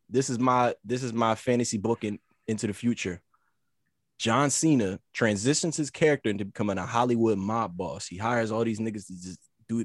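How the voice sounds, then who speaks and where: A man co-hosting a casual wrestling talk show, telling stories in an animated way with profane slang. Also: fairly low pitch, no echo, studio quality. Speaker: podcast co-host.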